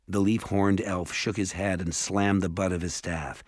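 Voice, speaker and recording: A man narrating an audiobook in a calm, even storytelling manner. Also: low-pitched, a little slow, few pauses, no room sound, studio quality.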